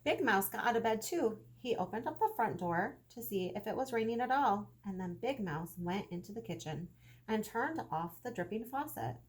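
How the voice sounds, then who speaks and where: Woman teacher reading a storybook to children, gentle, expressive, slightly husky. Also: mid-range voice, normal speed. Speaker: kindergarten teacher. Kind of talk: children's story read-aloud.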